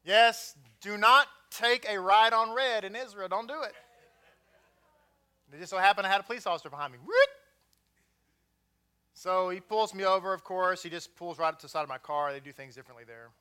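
Bright-voiced Texan man preaching. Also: high voice, a little fast, clean tone. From Texas. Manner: conversational, joking asides. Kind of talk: sermon.

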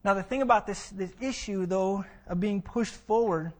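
A man's voice: high voice, moderate pace. A man preaching a sermon, emphatic and full of vivid storytelling. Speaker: pastor.

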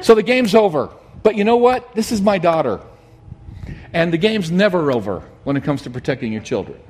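A middle-aged man preaching a sermon, telling a personal story in an animated, emphatic way. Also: on the high side, fairly quick, a little hiss or hum. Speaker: pastor.

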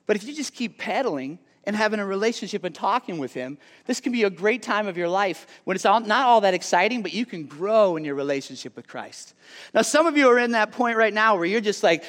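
A man with a high voice gives a casual sermon to a young audience, his words ringing through a large hall with a long echo. He talks chattily with lots of "like" asides, then goes soft and hushed when he pleads with the listeners. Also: brisk. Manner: chatty and animated, full of "like" asides; drops to a soft, hushed tone for earnest appeals. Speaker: youth speaker.

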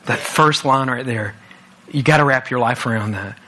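A young guest speaker delivers an earnest sermon at a church youth service, often repeating himself as he restarts. His mid-range voice is bright and forceful, at a normal speed.

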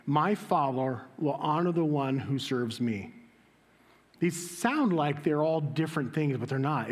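A man preaching a sermon as pastor, reading scripture aloud and breaking into excited, high-pitched quoted speech. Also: in a large hall. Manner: animated, voice jumps high when quoting Jesus. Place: church.

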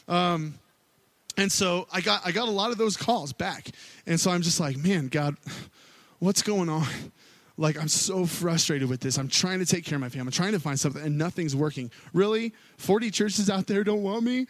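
A man in his thirties, a worship pastor, telling a personal story in a sermon with candid, conversational delivery that swings between loud pleading and quiet asides. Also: moderate pace, no room sound. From Missouri. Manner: candid storytelling, rising to loud pleading then dropping low.

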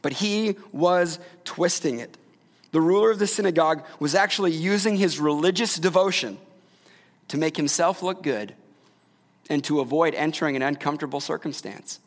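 A male pastor preaches in a relaxed, conversational manner and keeps checking in with his listeners with quick questions. His voice sits a little high for a man. It carries a long reverb from a large hall. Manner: conversational, asks the congregation questions. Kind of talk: sermon.

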